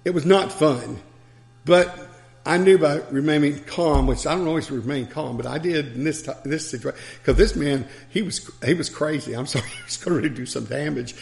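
A man preaching a sermon in a fairly high, gravelly voice. He tells stories with chuckles and asides, then rises into forceful calls to his listeners. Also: brisk.

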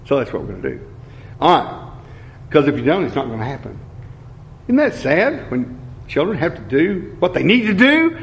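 A middle-aged man preaching a sermon, earnest, slowing down and repeating lines for emphasis. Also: on the high side, slight background noise. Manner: earnest, slows down for emphasis, repeats key phrases.

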